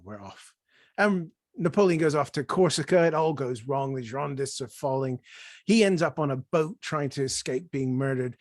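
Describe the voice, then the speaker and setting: A man hosting a chat show, excitably retelling a film scene by scene and dropping his voice for effect. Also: on the high side, no room sound, studio quality. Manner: excitable storyteller, drops to near-whispers for effect. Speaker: podcast host. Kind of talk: enthusiastic film recap in casual chat.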